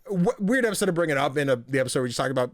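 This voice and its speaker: A man's voice: fairly high pitch, animated, racing, no room sound, clean studio sound. A young man hosting a podcast, chatting casually about video games in a loose, swearing, playful way. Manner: loose and chatty, swears freely, acts out game characters. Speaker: podcast host.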